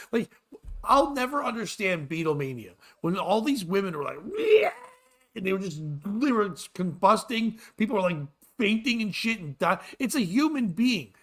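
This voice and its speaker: A man in his forties, a podcast host, ranting crudely and loudly in comedic chat. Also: high-pitched. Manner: profane, loud, animated ranting.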